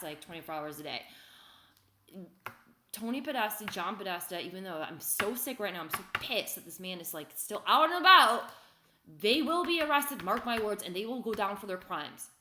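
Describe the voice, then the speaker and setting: A woman talking straight to her viewers in an upset, heated rant, swinging between loud outbursts and quiet muttering. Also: mid-range voice, reverberant, a little hiss or hum. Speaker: vlogger. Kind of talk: agitated opinion rant to viewers.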